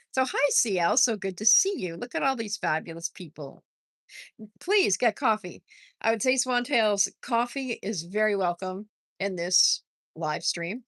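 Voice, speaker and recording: An older woman hosting a casual livestream, chatting warmly and reading out viewer comments between laughs. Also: medium pitch, dry recording, clean studio sound. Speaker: livestream host. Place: home, on a porch.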